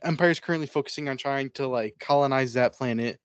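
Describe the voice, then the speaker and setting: A man's voice: medium pitch, brisk, few pauses, clear, resonant tone, no echo. A young man co-hosting a casual reaction video, laid-back and hesitant, often giggling. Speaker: reaction channel co-host.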